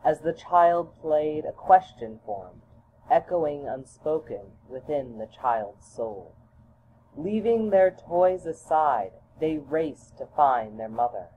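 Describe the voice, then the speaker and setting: A woman reads a children's storybook aloud in a low voice, slow and deliberate. The audio is tinny and phone-like, with a faint hiss underneath. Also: animated.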